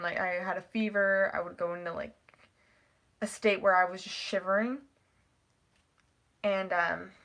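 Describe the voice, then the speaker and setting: A teenage girl chatting straight to camera in a casual storytime vlog. She rambles through the tale, peppering it with "like" and acting out her own quoted lines. Her voice sits at an ordinary middle pitch for a young woman. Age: teens. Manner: rambling, animated retelling with frequent "like" and laughs. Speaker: vlogger.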